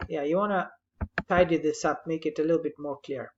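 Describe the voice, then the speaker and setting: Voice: mid-range voice, steady tone, fairly quick, muffled recording, slight background noise. A teacher patiently talking through corrections on a student's written summary. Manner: patient, explanatory, gently correcting. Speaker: English writing teacher.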